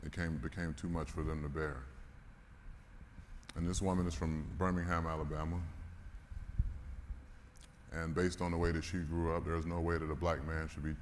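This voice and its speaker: A man's voice: extremely low pitch, level tone, moderate pace, long pauses. A man giving a candid, emotional storytelling talk at a conference, swearing and laughing now and then. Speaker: conference speaker. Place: large conference hall. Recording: reverberant hall with faint noise.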